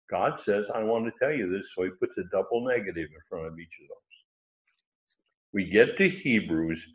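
A man's voice: fairly low pitch, highs cut off. A man teaching an informal Bible lesson to a class that includes online listeners, talking it through with fillers and restarts. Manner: conversational, thinking aloud with fillers and restarts.

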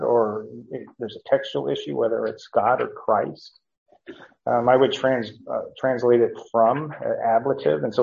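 A man teaching verse by verse from the Bible, halting with many fillers and restarts, chuckling now and then. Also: medium pitch, gravelly, a little mellow. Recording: dull lo-fi recording.

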